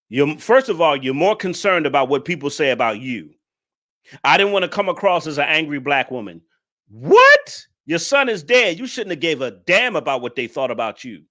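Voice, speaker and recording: Exasperated man with a bright, animated voice. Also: a little high. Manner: exasperated, emphatic, talks straight to viewers. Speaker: channel host reacting to a clip. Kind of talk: casual reaction commentary.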